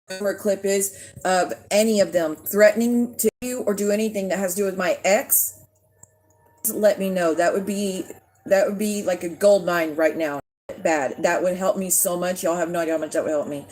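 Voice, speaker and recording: A woman's voice: fairly low pitch, steady tone, normal speed, a little mellow. A woman, hosting a livestream and ranting at viewers, swearing and calling them out by name. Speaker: livestream host. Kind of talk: casual livestream rant.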